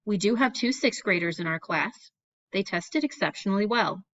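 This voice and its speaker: A woman voicing a raspy, gravelly old female math teacher in an audiobook, scolding in clipped commands. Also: mid-range voice, animated, moderate pace, fairly bright tone, lo-fi sound, lightly acted. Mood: stern. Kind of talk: audiobook character voice.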